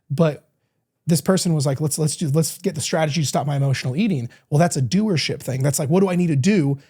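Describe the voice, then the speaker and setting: A man's voice: fairly high pitch, dark tone. A man hosting a podcast as a coach, talking in an earnest, rambling way with frequent restarts and self-corrections. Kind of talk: casual reflective podcast monologue.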